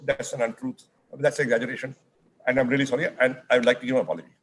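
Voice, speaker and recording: A middle-aged man with an Indian English accent, telling animated anecdotes from his student days as a speaker in an onstage conversation, slipping in Hindi phrases. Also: mid-range voice, very fast, slight background noise. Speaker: speaker at a summit.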